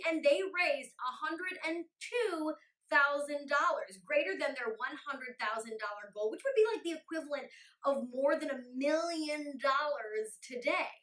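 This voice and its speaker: A woman hosting a casual storytelling show over cocktails, animated and irreverent. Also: high voice. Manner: animated and irreverent, acting out characters with swearing. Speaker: host. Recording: echoey room, a bit far from the mic.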